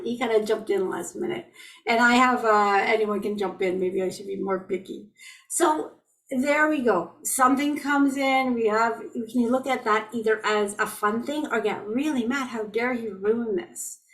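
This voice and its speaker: A middle-aged woman leading an online group healing call, chatting about everyday frustrations in a gently reassuring, anecdotal way. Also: a little high. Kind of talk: casual spiritual talk to a group. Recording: voice distant from the mic.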